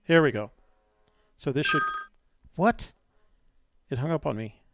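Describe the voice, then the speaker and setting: A man's voice: fairly high pitch, measured pace, noisy background. A man hosting a live-streamed call-in show, talking in a chatty, rambling way with many fillers. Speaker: host.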